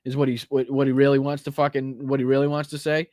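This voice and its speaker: A man's voice: mid-range voice, flat delivery, quick pace, a little mellow, no echo. A man ranting on a political live stream, swearing heavily, stressing words and tagging lines with "right?". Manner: heavy swearing, emphatic, repeats 'right?'.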